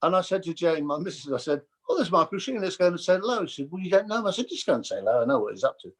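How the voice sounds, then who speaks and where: An older man chatting as a guest, telling lively stories and mimicking voices. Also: high-pitched, racing, breathy edge. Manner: animated storyteller, mimics voices. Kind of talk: casual chat.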